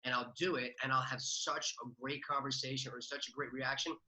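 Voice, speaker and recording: A man's voice: medium pitch, fairly even intonation, bright, forceful tone, low-quality recording. A man talking casually as a podcast guest, chatty with lots of filler words. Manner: fast, chatty, many "like" fillers. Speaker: podcast guest, real estate investor. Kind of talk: casual interview talk.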